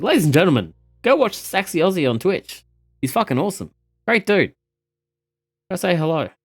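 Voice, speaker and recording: Animated, swearing streamer with faint music. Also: male voice, fairly high pitch. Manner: animated, swearing, laughing at the game. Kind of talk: casual live-stream chat.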